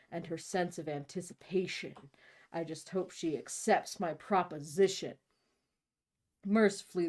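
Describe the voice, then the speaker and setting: A woman host reading a novel aloud in a deadpan way, breaking off for jokey asides. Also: fairly low pitch. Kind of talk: comic read-aloud of a novel.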